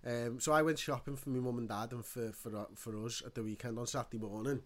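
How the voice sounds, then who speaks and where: A man telling a story in casual chat, animated and ranting, swearing often. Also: medium pitch, fast.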